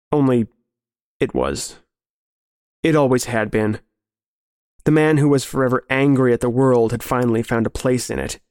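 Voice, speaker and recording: A man narrating a grim story in a measured, serious way. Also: medium pitch, fairly even intonation, darkish tone, clean tone, no echo, clean studio sound. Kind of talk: scripted horror story narration.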